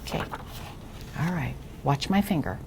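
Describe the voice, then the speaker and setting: A woman demonstrating a reading lesson with a young child, speaking slowly and encouragingly, often softly or in a whisper. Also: sits low, animated, noisy background. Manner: patient, slow, encouraging, drops to soft whispers. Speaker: reading tutor trainer.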